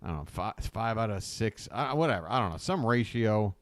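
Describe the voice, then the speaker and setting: A man streaming a game live, griping, trash-talking his opponent and complaining about his bad luck in a casual, animated way. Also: lowish voice, brisk, dry recording. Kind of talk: casual live-stream commentary while gaming. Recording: loud music playing behind. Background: loud music.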